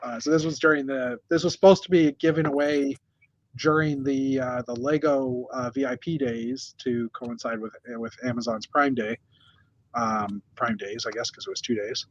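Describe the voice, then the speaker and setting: A man's voice: medium pitch, fairly even intonation, normal speed, lo-fi sound. A man hosting a casual news chat from a hotel room, rambling with many fillers and restarts. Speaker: host.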